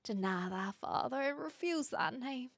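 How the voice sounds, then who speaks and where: A woman voicing a young Southern belle in a rushed, hushed, sing-song mock Southern accent. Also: high voice, expressive, dry recording, studio quality, full character voice. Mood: swooning. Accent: mock American Southern. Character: young Southern belle swooning over her lover.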